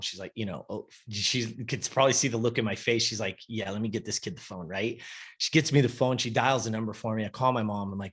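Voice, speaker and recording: Profane, animated man in his fifties. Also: on the low side, fairly quick, slightly rough. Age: 50s. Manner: animated, profane, emphatic storyteller. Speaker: podcast guest. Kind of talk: casual storytelling interview.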